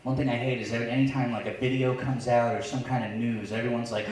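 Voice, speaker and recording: A man's voice: mid-range voice, flat delivery, fast, hardly any pauses, a little mellow, a little hiss or hum. A man doing a stand-up comedy set in a lounge, sarcastic and acting out online voices. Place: lounge stage before a live audience. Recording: very echoey, far from the mic.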